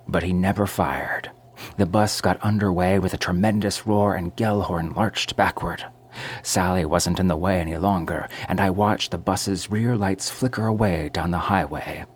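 Deep, husky male storyteller. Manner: measured, brooding first-person storytelling. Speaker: narrator. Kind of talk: scripted story narration.

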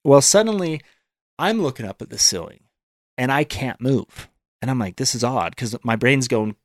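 A man's voice: medium pitch, lively intonation, normal speed, dry recording, studio quality. A man telling a personal story as a podcast guest, earnest, acting out his own thoughts in quotes.

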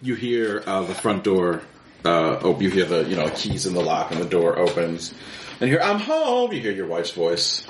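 A man's voice: sits low, fairly even intonation, moderate pace. A man narrating as game master of a tabletop game, with frequent fillers. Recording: roomy with faint noise.

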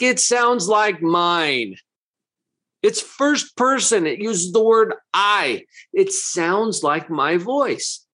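A man's voice: high voice, expressive, slow, fairly bright tone. A man who works as a psychologist giving a motivational talk, full of rhetorical questions, with a conversational and emphatic manner.

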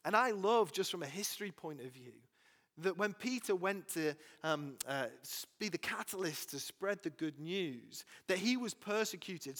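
A pastor delivers a sermon, reading scripture slowly and stopping to reflect. His voice sits a little high for a man, and it carries a long church-hall reverb. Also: a bit bright. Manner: reads scripture aloud with pauses and personal asides.

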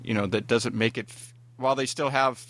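A man's voice: mid-range voice, steady tone, a little fast, fairly bright tone. A man co-hosting a podcast, talking casually about TV shows in long, meandering sentences. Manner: rambling, many fillers and restarts. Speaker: podcast co-host. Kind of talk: casual TV review chat.

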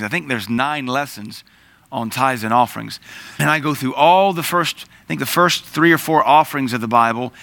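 A middle-aged man delivers an animated sermon and acts out the voices in the story. His voice is bright and forward. It is recorded close up, with a dry, roomless sound. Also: medium pitch, vocal fry, no echo. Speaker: Bible teacher.

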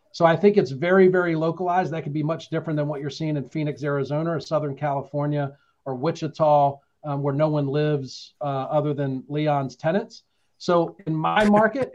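A man on a real estate panel who argues in an animated, combative way. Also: a little high, moderate pace, muffled recording. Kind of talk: panel debate.

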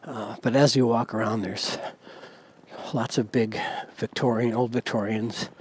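Soft-spoken man rambling on a walk. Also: medium pitch, steady tone, unhurried, breathy edge. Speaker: podcast host. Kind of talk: casual walking monologue. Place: outdoors walking village streets. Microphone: handheld recorder. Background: faint traffic and wind.

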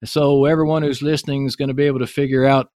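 Speaking quickly in a level, mid-range voice with a slightly mellow quality, this Texan-accented man is the host of a casual podcast interview. He jokes, chats, and drifts into tangents from his home office, an upstairs bedroom. The sound is clean, like a studio, with no echo.

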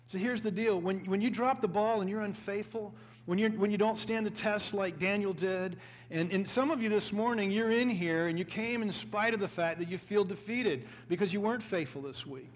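A male pastor with a notably high voice delivers a sermon, reading scripture between his points. He speaks earnestly, often repeats words as he restarts a thought, and pushes into louder, emphatic stretches. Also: normal speed. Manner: builds to a louder, emphatic preaching pitch.

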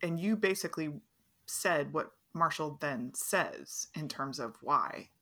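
A woman's voice: sits low, animated, takes it slowly, fairly bright tone. A woman co-hosting a podcast, chatting casually and chiming in with short, agreeable replies. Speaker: podcast co-host. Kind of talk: casual chat.

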